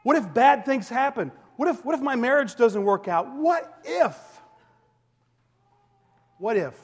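A man in his forties delivers a sermon from the pulpit, his voice pitched high. He is animated, climbing to loud emphatic peaks and then dropping to near-whispered asides. The sound carries a long reverb from the church sanctuary. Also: normal speed. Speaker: pastor.

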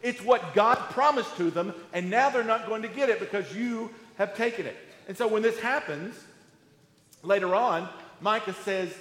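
A man's voice: high voice, moderate pace, a bit bright. A man preaching a sermon as pastor, emphatic and repetitive, acting out sarcastic quoted voices. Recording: echoey hall.

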